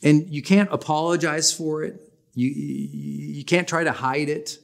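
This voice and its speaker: Male life coach in his forties, fairly high voice, energetic and conversational delivery for a class. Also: measured pace, creaky. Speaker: personal development coach. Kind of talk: motivational class talk.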